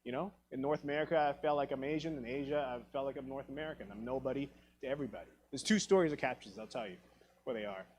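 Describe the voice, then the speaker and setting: A man's voice: medium pitch, quick pace, slight background noise. A man performing a stand-up comedy set on a theatre stage, telling stories animatedly and acting out other people's voices. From Taiwan. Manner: animated storytelling, acts out voices.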